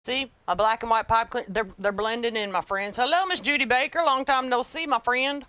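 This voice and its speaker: A woman's voice: on the high side, brisk, bright, forceful tone, no echo. A woman with a Southern American accent hosting a casual livestream craft tutorial, chatting and greeting viewers by name. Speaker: livestream host, wreath maker.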